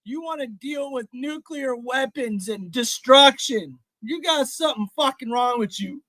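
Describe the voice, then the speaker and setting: A man hosting a live stream, ranting in a heated, profane way and often shouting. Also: very high voice, animated, a little slow, dry recording. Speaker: livestream host. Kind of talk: profane live reaction rant.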